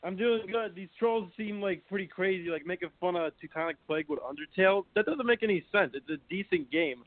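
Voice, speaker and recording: A man's voice: sits high, a little fast, no room sound. A man calling in to a radio show, chatting casually and offhand. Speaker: caller. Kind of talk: casual phone-in chat. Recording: dry, tinny phone line.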